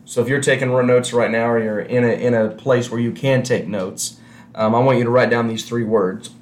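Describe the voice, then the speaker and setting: This is a recorded sermon without a congregation: a man speaks to a camera in a mid-range, fairly even voice at a moderate pace. The room is reverberant with slight background noise, and he keeps things conversational while repeating key phrases to stress them.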